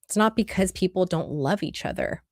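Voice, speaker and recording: A woman's voice: fairly low pitch, fairly quick, a little mellow, no room sound, clean studio sound. A woman relationship coach giving an earnest, conversational livestream talk full of rhetorical questions.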